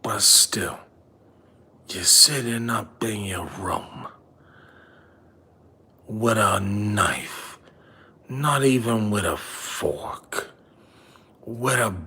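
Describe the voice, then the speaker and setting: A man's voice: lowish voice, moderate pace, pauses often, slightly rough. A comedian playing a nagging middle-aged father who drives a bus, scolding his son over and over. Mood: hushed. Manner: scolding, repetitive, drops to hushed whispers. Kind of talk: comedy character monologue.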